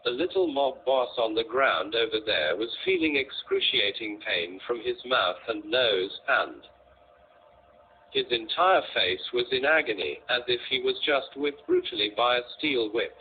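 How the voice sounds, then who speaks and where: A man narrating an audiobook in a measured, even reading voice. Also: medium pitch, slightly rough. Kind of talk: scripted narration. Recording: tinny, lo-fi, faint noise.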